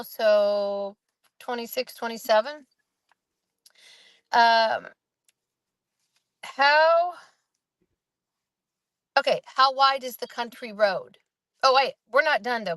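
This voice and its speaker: A woman's voice: fairly high pitch, dry recording, poor audio. A woman in casual chat, recapping courtroom testimony in a rambling way and acting out the quoted lines. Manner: rambling, quotes witnesses in animated voices. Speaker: host recapping a trial.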